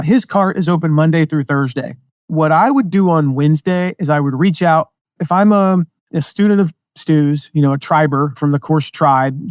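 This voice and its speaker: A man from the American Midwest and South with a mostly neutral accent, hosting a podcast and teaching in a casual, energetic, conversational way. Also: on the high side, no echo, studio quality. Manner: energetic, conversational, jumps into quoted voices. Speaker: podcast host, affiliate marketing teacher.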